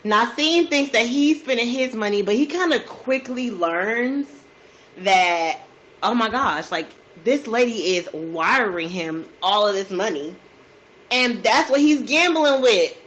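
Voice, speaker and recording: A woman's voice: fairly high pitch, expressive, a bit bright, slight background noise, low-quality recording. Chatty woman spinning a true crime tale. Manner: chatty and slangy, with drawn-out asides. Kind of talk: casual true crime storytelling over a food video.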